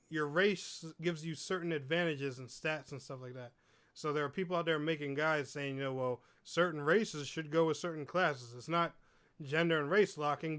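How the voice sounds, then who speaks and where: A man gives his opinions with emphasis as a podcast co-host. His voice sits a little high for a man. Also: fairly bright tone. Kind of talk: casual chat about games.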